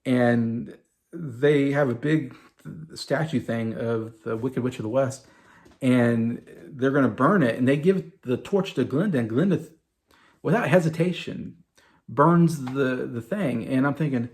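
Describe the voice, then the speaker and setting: A man's voice: mid-range voice, measured pace, a little mellow. A man hosting his own video, rambling through an exasperated casual movie review with mocking asides. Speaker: video host.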